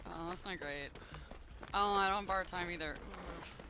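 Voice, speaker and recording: Game streamer, male, high voice, excitable play-by-play chatter, audible game noise behind. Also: normal speed. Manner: excitable, often bursts into delighted yells. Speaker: live streamer. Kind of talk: casual gameplay commentary.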